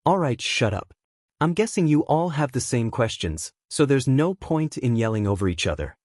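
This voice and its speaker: A tired, blunt hero-teacher speaks in a dry monotone, a father set on protecting his child, played by a man reading a story aloud. The voice sits at an ordinary male pitch. The recording is close and dry, with no room sound. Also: moderate pace, dry recording.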